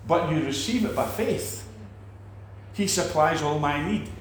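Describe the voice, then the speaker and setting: A man teaching about faith in a relaxed talk, animated, acting out quoted people and restarting his sentences often. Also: fairly high pitch, a little slow, echoey room, slight background noise. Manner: animated, acts out quoted preachers, many restarts. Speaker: preacher.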